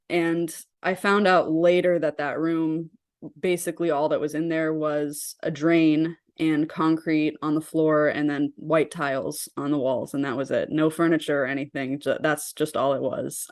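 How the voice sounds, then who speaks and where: A woman's voice: low voice, no room sound, clean studio sound. Earnest young woman recounting her past. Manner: earnest, frequent "like" fillers. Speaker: interview guest, survivor. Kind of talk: personal storytelling in a podcast interview.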